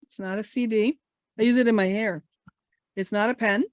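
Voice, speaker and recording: A woman's voice: on the high side, moderate pace, vocal fry, dry recording, clean studio sound. A woman teaching English over a video call, playfully leading a guessing game. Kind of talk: online teaching session. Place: home office.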